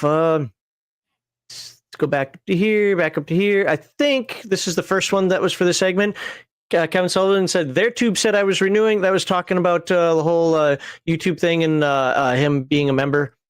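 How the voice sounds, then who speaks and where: A man's voice: on the high side, moderate pace, smooth, no room sound. A man hosting a livestream panel show, reading viewer comments aloud and giving wry, opinionated takes with frequent fillers.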